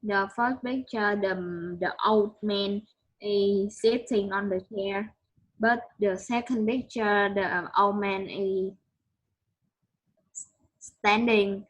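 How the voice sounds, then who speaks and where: A woman studying English online, answering in hesitant, halting sentences. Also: medium pitch, fairly even intonation. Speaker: English student. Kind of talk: online one-on-one lesson. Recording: dull lo-fi call audio.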